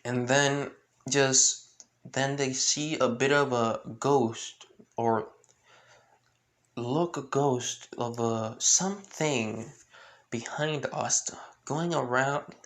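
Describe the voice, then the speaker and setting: A man's voice: mid-range voice, slow. A man improvising fan-fiction narration, rambling, with many restarts. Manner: rambling, full of restarts and with-clauses. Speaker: fan storyteller.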